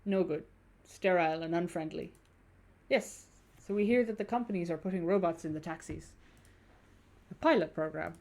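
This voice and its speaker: A woman's voice: medium pitch, animated, normal speed, a little mellow. A woman voicing a stiff, formal male tourist passenger in a game, with a half-hearted German accent and clipped, probing speech. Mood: explaining.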